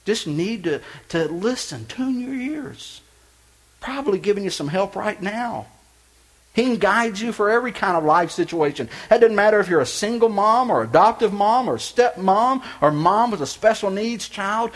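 A male pastor preaching a sermon with passion, swinging from loud emphatic lines to quiet hushed ones. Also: high voice. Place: church.

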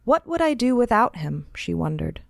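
A woman's voice: a little high, sing-song, moderate pace, creaky, no echo. A woman voicing an anxious, fretful housewife who scolds herself, in a dry, close read story.

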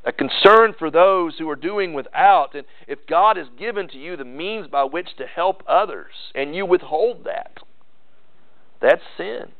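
A man's voice: on the high side, expressive, a little slow. A male pastor preaching an earnest sermon, often restarting and repeating words. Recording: tinny phone-like sermon recording.

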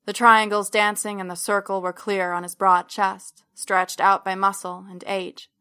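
Woman narrating a story in an even voice. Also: mid-range voice, measured pace, clear, resonant tone. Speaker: audiobook narrator. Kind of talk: first-person fiction narration.

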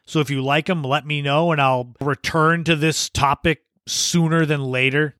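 A man's voice: a little high, steady tone, moderate pace, fairly bright tone, no echo, studio quality. Man telling stories with a laugh. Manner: laughs while telling anecdotes. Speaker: podcast host. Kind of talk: casual storytelling monologue.

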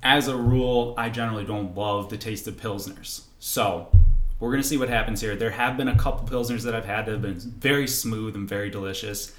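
A man's voice: fairly low pitch, steady tone, fairly quick, fairly bright tone, slight background noise. A man co-hosting a casual podcast, teasing his partner with a wry, joking manner. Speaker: podcast co-host. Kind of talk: casual chat. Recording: roomy echo.

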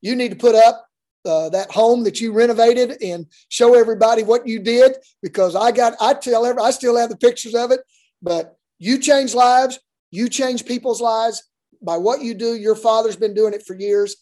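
A man's voice: very high-pitched, moderate pace, warm tone. A man, a basketball coach, telling rambling, folksy stories in a casual interview with many restarts. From Oklahoma.

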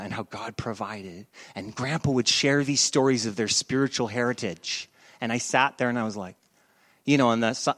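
A male pastor giving a sermon, telling a story in a lively, animated way with shifts in volume and pace. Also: medium pitch.

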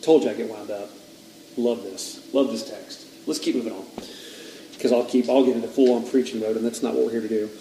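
A man's voice: medium pitch, fairly quick, slight background noise. Man preaching in an echoey hall. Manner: animated storytelling, quoting others with rising intensity. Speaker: pastor. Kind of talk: sermon. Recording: echoey hall, voice from a distance, faint ambience.

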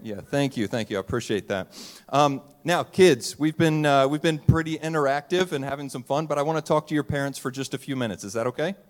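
A man's voice: medium pitch, brisk. A man, a pastor giving a casual, conversational Christmas sermon to a live church audience and joking with the crowd.

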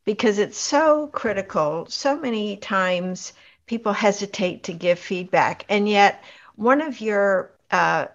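A woman hosting an interview and asking measured, reflective questions. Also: mid-range voice, expressive. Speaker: host. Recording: dull lo-fi recording.

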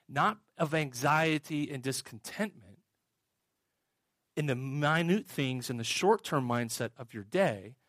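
A man's voice: a little high, fairly bright tone, dry recording. A man preaching a sermon, retelling a story in a storytelling way and putting questions to the audience. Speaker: pastor.

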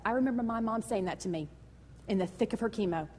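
High-voiced woman preaching, echoing hall. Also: fast talker, a little hiss or hum. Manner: animated, emotional, conversational preaching. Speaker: pastor. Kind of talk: sermon.

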